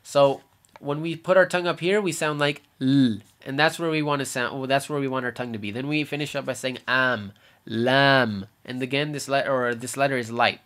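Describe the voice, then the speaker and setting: A young man giving a casual lesson on letter sounds, repeating each sound slowly to demonstrate it. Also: medium pitch, fairly even intonation, a bit bright. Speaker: Arabic letters teacher.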